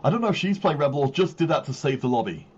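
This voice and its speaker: A man commentating a live esports tournament as the host caster. His voice sits a little high with a slightly husky edge. He walks through the standings methodically and then surges with hype at decisive moments. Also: racing, highs cut off. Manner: excitable, builds hype on big moments.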